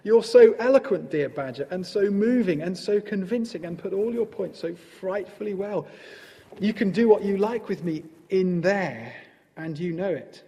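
A man's voice: mid-range voice, fairly even intonation, unhurried, few pauses, dark tone, big-room sound, lightly acted. A man voicing an unrepentant male toad from a storybook, impatient and wheedling. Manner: wheedling, then sullen and emphatic.

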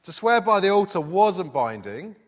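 Lively man preaching in a reverberant hall. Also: high voice, normal speed. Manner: lively, conversational, reads scripture aloud. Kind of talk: sermon.

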